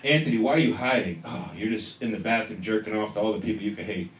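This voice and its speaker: A man's voice: fairly low pitch, fast talker. A young man doing a stand-up set, loose and profane, riffing with the crowd. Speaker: stand-up comedian. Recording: echoey room recorded from afar.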